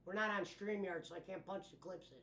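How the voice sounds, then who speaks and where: A man's voice: sits high, fast, pushed and bright, slight background noise. A man hosting a stream, casually talking over his old clips in a loose, laughing way. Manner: loose, laughing, profane chatter. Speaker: streamer host.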